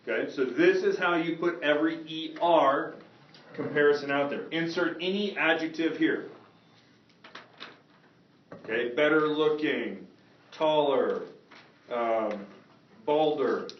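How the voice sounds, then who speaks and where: A man whose voice is a little high teaches Spanish grammar slowly, with long pauses, repeatedly asking whether his students follow. His delivery is lively. A bit of hiss or hum accompanies dull, far-off audio from an echoey classroom.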